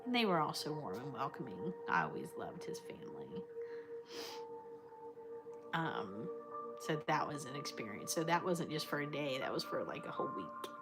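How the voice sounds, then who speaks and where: A woman's voice: rumbling low, very animated, normal speed. A woman hosting a casual livestream, chatting affectionately with her viewers and using fond terms of endearment. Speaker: livestream host. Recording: clear music playing behind the voice. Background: background music.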